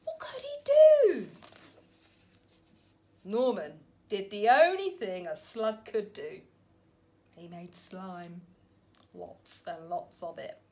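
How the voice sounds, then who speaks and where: A woman from a family centre reading a children's storybook aloud with gentle, expressive storytelling and dramatic pauses. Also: fairly low pitch.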